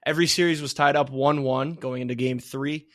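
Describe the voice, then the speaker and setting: A man's voice: medium pitch, steady tone, brisk, a bit bright. A man co-hosting a podcast, chatting about sports in a laid-back, teasing way. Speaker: podcast co-host. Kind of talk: casual sports chat.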